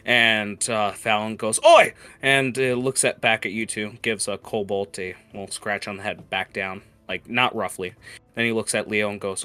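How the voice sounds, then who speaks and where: A man's voice: on the low side, sharp tone. A man narrating as game master of a tabletop game, hesitant with many fillers.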